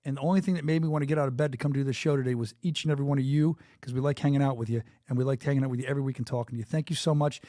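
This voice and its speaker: A man hosting a sports podcast in a studio, talking quickly and enthusiastically with many restarts. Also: mid-range voice, fairly even intonation, dark tone, no echo. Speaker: podcast host. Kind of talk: casual podcast chat.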